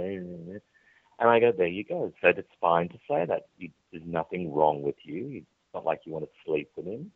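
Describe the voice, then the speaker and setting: Brief: male TV presenter guest, low-pitched, lively anecdotes, phone-quality audio, dry. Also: moderate pace, gravelly, breathy edge, no echo. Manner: lively storyteller who acts out quoted dialogue. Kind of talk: candid chatty interview answers. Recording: dry, tinny phone-like line.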